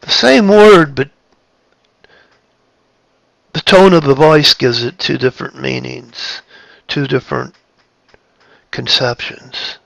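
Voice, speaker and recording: A man giving a reflective spiritual talk, halting and repeating his phrases, shifting his tone of voice for emphasis. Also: medium pitch, vocal fry, fairly bright tone, no echo. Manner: plays with tone of voice for emphasis. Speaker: spiritual speaker.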